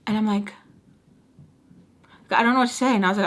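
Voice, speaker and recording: A woman's voice: medium pitch, a little fast, pauses often. Chatty young woman telling a story. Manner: chatty, animated, drops in Spanish words and fillers. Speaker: storytime vlogger. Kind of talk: casual storytelling to camera.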